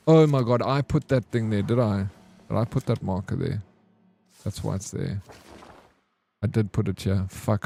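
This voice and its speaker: A man's voice: lowish voice, creaky, mellow. A young man, chatting loosely and rambling to himself as he streams a game, swearing now and then. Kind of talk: casual live gameplay commentary.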